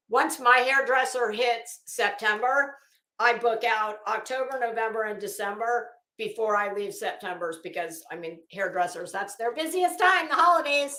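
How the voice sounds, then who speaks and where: A middle-aged Florida woman hosting a casual livestream speaks frankly with a Florida Southern accent, swearing freely and greeting viewers by name. Her voice is medium in pitch, bright and forceful with vocal fry, and the room sounds roomy.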